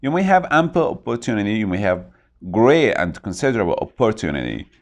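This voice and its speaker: A man teaching English vocabulary, saying each word slowly and repeating it to model pronunciation. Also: lowish voice, sing-song. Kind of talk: vocabulary lesson.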